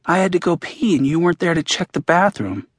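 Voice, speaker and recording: A man reading an audiobook, voicing an anxious, literal-minded young boy who talks flatly and repeats himself. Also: on the high side, a little fast, slightly rough, dry recording, studio quality, voice pushed up. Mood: insistent. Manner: flat, insistent repeating. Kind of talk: audiobook character voice.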